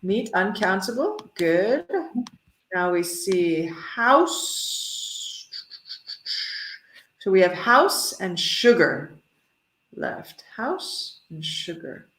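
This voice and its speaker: An American woman leads an English lesson in a roomy, echoing space. Her pitch sits in the middle of the range, and she talks in a playful way, heaping praise on the class. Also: very animated, very slow, pauses often, fairly bright tone. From United States. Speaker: English teacher. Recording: roomy echo.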